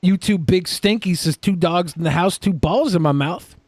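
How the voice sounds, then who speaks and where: A man's voice: high-pitched, normal speed, darkish tone, no echo. A man co-hosting a livestream podcast, reading donation messages aloud with offhand jokes. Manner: offhand, joking. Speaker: podcast co-host.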